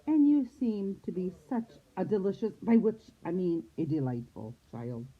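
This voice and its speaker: A woman voicing a sly, charming male wolf who talks with smooth, overly polite manners. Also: medium pitch, animated, normal speed. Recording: phone-like lo-fi sound.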